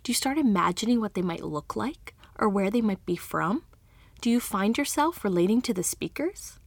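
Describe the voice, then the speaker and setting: A woman co-hosting a science podcast, reading scripted narration in a measured, questioning way. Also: mid-range voice, animated. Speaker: podcast co-host.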